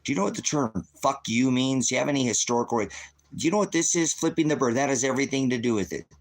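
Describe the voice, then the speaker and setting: A man's voice: medium pitch, quick pace. A middle-aged man hosting his own channel, delivering a profane, combative, rambling rant at his viewers. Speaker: channel host. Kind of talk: ranting monologue to viewers.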